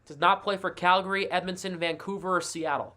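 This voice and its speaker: Guy running a live hockey scoreboard stream, chatty and excitable, figuring stuff out out loud. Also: sits high, a little fast. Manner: thinking aloud, chatty and excitable. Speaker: livestream host. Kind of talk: casual live sports commentary.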